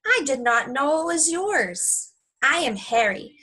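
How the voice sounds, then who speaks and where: Teacher doing a big schoolkid boy, high, lively storybook read. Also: unhurried, exaggerated voice, low-quality recording. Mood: sorry. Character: big kid boy who took a book.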